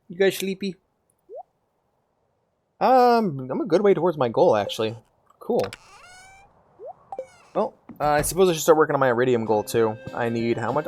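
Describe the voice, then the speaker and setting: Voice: mid-range voice, darkish tone. A VTuber streamer giving casual live gameplay commentary, playful and giggly, swearing casually and meowing now and then.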